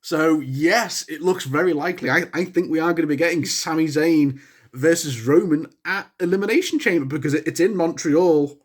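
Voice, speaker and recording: A young man giving a casual spoken review of a wrestling show, rambling with many restarts and breaking into excited shouts. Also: fairly high pitch, normal speed, slightly rough. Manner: excitable, bursts into shouts at big moments.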